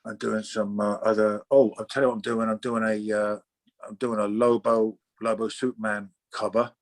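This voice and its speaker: A man's voice: fairly low pitch, level tone, normal speed, dry recording. A middle-aged man from Oxfordshire, a comic artist chatting as an interview guest, rambling and swearing freely with many restarts. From Oxfordshire, England. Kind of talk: casual interview chat.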